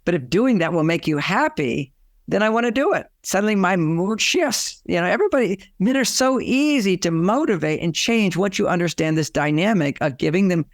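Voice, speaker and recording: An older man, a relationship author, giving advice in an interview and telling lively anecdotes with both sides acted out. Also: high-pitched, a little fast, no echo, studio quality. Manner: animated storyteller, acts out both sides of his anecdotes. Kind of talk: storytelling interview talk.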